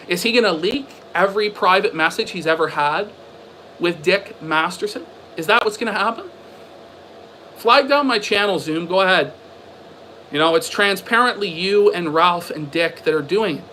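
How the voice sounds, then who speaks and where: A man with a notably high voice delivers an angry livestream rant, profane and sarcastic. He repeats himself and throws out rhetorical questions in a combative way. A faint background hiss sits under the voice. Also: bright, forceful tone, poor audio. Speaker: livestream commentator. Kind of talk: ranting stream commentary.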